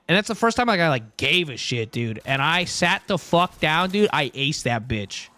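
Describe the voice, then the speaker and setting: A man's voice: fairly high pitch, very animated, normal speed, hardly any pauses, sharp tone, no room sound. A young man streaming live who rambles casually, swears freely and keeps saying "dude" and "bro". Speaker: livestreamer.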